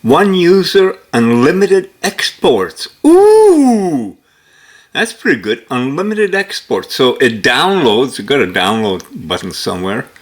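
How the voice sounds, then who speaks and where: A man reacting casually, musing slowly over what he sees. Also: medium pitch, big pitch swings, fairly bright tone.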